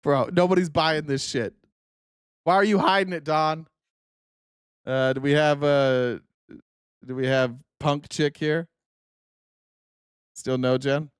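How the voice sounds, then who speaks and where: A man hosting a casual political commentary show, sarcastic and profane with quick asides. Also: on the high side, fairly even intonation, smooth, no echo, studio quality. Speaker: host.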